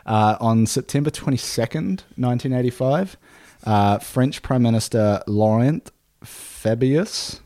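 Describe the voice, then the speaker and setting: A man's voice: medium pitch, animated, measured pace, mellow. A man hosting a podcast, casually telling a history story from his notes, with fillers and easy laughs. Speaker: podcast host.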